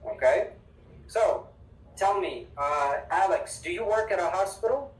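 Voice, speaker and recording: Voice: mid-range voice, expressive. English teacher, upbeat, stretches out words for students, kinda far from the mic. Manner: upbeat, emphatic, repeats words slowly for students. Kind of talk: online English class. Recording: echoey room, distant mic.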